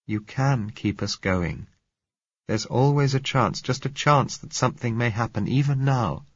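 A man's voice: medium pitch, measured pace, breathy edge, dry recording, pitched above the performer's own voice. A man voicing an earnest, faltering eighteen-year-old blind young woman in a story reading. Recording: dull lo-fi recording.

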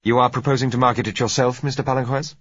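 A shrewd, wary managing director in a storybook reading, voiced by a man. He weighs every word in a guarded, reflective way. The voice is husky and the recording dry and somewhat dull. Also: mid-range voice, steady tone, fast talker, fairly bright tone, no echo, voice pushed up. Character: cautious, shrewd male company managing director.

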